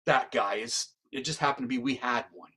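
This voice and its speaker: Brisk and medium-pitched, a male interview guest who works as a psychic medium and criminal profiler relates a story with lots of animation. He keeps tacking "right?" onto his lines.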